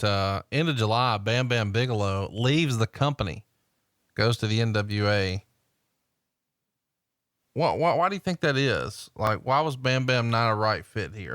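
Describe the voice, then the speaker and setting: A man's voice: medium pitch, lively intonation, moderate pace, fairly bright tone, no echo, clean studio sound. A man co-hosting a casual chat, eagerly listing details and prompting questions. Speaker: podcast co-host.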